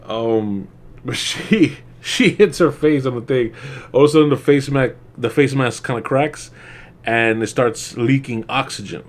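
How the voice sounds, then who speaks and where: A man's voice: medium pitch, measured pace. Rambling, profane young man reviewing a movie. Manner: rambling, laughing, profane, mocking impressions.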